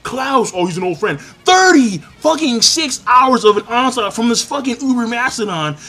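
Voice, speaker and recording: A young man with a high voice rants excitedly in a casual review. He swears all the time and jumps from loud shouts to low mutters. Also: moderate pace. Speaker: anime reviewer.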